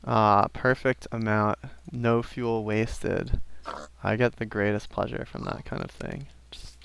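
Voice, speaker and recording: A man's voice: on the low side, little pitch movement, takes it slowly, vocal fry, fairly bright tone, smooth. A young man giving casual, rambling commentary over a video game, with frequent self-aware asides. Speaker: gaming commentator. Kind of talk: casual let's-play commentary.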